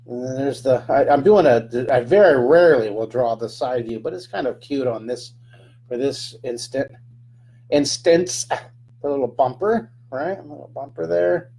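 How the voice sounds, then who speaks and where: A man's voice: medium pitch, moderate pace, creaky, mellow. A man teaching a live drawing lesson, chatting through each stroke with playful sound effects.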